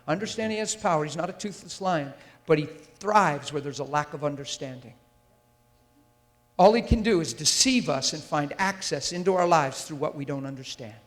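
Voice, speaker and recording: Long hall reverb surrounds a preacher whose slightly high voice is expressive and moderately paced. He speaks intensely and emphatically into a handheld or stand mic in a large church, frequently asking the audience if they're following.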